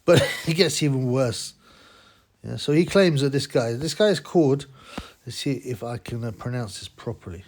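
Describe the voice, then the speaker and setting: A man's voice: medium pitch, lively intonation, moderate pace. A man in casual, crude, mocking boxing commentary, rambling with many restarts.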